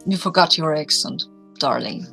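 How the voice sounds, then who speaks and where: A woman's voice: low-pitched, normal speed, creaky, pushed and bright, faint music behind. A woman player speaking as her character in a story game, answering in a dry, unimpressed way.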